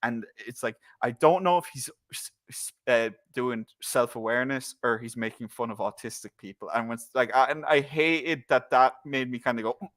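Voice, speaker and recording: A man's voice: medium pitch, moderate pace, hardly any pauses. An Irish man chatting casually as a guest wrestling pundit, going off on tangents and swearing freely. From Ireland. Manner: animated, swearing, restarts and tangents. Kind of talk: casual podcast chat.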